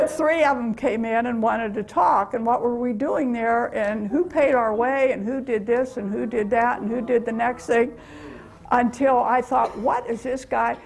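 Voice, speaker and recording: Older woman with a gravelly voice telling stories. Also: a little high, unhurried. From USA. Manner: chatty storytelling, laughs often. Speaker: guest speaker. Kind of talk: testimony to a church meeting. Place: church meeting room.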